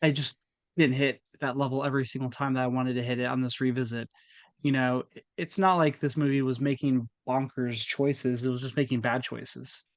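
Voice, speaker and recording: A man's voice: medium pitch, fairly even intonation, a little fast, no room sound. Stammering male podcast guest. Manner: stammering, starts sentences over. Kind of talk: casual film discussion.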